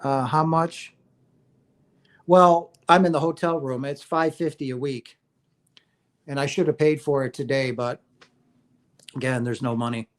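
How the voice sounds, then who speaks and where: A man's voice: mid-range voice, fairly even intonation, unhurried, long pauses. A middle-aged man hosting a livestream, talking casually and earnestly about spiritual experiences in a rambling, affectionate way. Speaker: livestream host.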